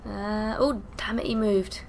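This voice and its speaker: A woman's voice: mid-range voice, fairly even intonation, unhurried, gravelly, darkish tone, slight background noise. A young woman with a cough, giving hyper, swear-filled commentary on a game she plays. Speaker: gaming channel host. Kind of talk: let's play commentary.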